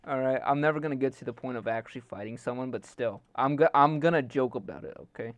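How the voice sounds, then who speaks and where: A man's voice: mid-range voice, quick pace, dry recording. A young man streaming live, ranting in an exasperated, joking way and swearing heavily while his setup fails. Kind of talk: casual live-stream rant.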